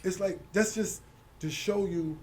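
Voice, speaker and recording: Middle-aged New man, higher voice. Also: unhurried, darkish tone, a little hiss or hum. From Hollis, Queens, New York. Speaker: interview guest. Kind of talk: casual storytelling interview.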